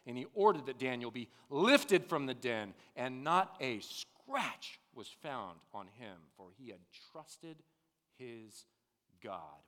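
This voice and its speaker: A man in his thirties preaching a sermon, dropping to a hush and then building to loud, emphatic declarations. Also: medium pitch. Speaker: pastor. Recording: long reverb of a large hall.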